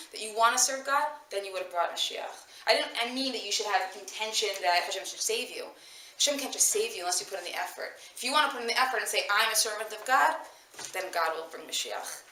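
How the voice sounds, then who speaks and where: Chatty New York woman teaching a class. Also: a little high. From New York, USA. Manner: chatty and animated, acts out the story's voices. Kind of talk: informal Torah class storytelling. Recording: echoey room, distant mic, faint noise.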